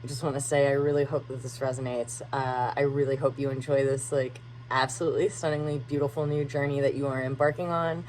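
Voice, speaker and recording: A woman's voice: very deep voice, steady tone, a little fast, hardly any pauses, darkish tone, a little hiss or hum. A young woman reading cards for viewers, earnest and rambling with many fillers, recorded on a phone. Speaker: tarot reader.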